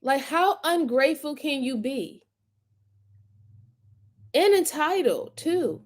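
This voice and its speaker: A woman hosting a live stream, reacting to crime footage with animated, indignant commentary and talking to her chat viewers. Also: high voice, slow pace. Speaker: host reacting to crime videos.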